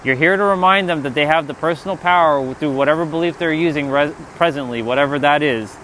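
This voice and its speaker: A man in a casual spiritual monologue, animated and swearing, talking back to God in mock dialogue. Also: on the high side, quick pace, slight background noise. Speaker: spiritual vlogger.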